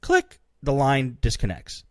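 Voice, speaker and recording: A man's voice: medium pitch, huge pitch swings, measured pace, dry recording, studio quality. A man hosting a podcast, telling a story in a casual rant and acting out both sides of his phone calls. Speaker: podcast host.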